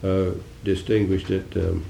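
Older male politician, low gravelly voice, wry and rambling, speaking in an echoey hall. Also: little pitch movement, unhurried, dark tone, a little hiss or hum. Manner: dry, wry humor, musing and digressive. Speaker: senator answering audience questions. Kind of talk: political talk with audience Q&A.

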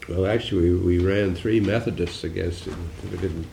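Gravelly-voiced older man, dry wit. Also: low voice, fairly even intonation, normal speed, mellow, reverberant, slight background noise. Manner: dry, wry humor, musing and digressive. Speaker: senator answering audience questions. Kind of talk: political talk with audience Q&A.

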